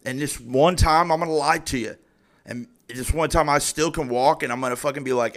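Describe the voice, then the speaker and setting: A man's voice: fairly high pitch, a little fast, fairly bright tone. A man in his thirties hosting a podcast, ranting heatedly and swearing constantly, with frequent restarts. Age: 30s. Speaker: podcast host. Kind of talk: profane casual rant.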